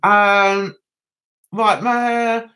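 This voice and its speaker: A woman's voice: mid-range voice, fairly even intonation, drawn-out words, sharp tone. A middle-aged woman hosting a casual livestream, telling an anecdote with giggles and animation. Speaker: YouTube host.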